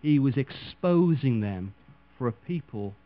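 Dramatic, animated preacher man. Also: a little slow. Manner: dramatic, voices quoted figures with big swings in pitch and loudness. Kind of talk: sermon. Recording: dull lo-fi recording with mains hum.

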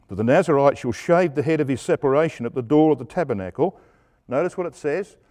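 Pitched a little high, this middle-aged man delivers a Bible exposition sermon emphatically. He asks rhetorical questions and moves between forceful stresses and quiet asides.

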